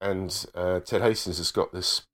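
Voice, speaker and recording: A man's voice: sits low, fairly even intonation, normal speed, a bit bright. A man chatting casually on a podcast, enthusiastic and full of fillers. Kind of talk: casual chat.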